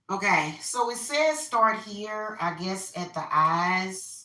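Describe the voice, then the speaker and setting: Opinionated woman, bright voice, repetitive venting, recorded off-mic in an echoey room. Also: mid-range voice, lively intonation, slow pace, few pauses, far from the mic. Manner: opinionated, venting, repeats herself. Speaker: spiritual reader and vlogger. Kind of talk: casual rant while carving a pumpkin. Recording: roomy echo, voice off-mic.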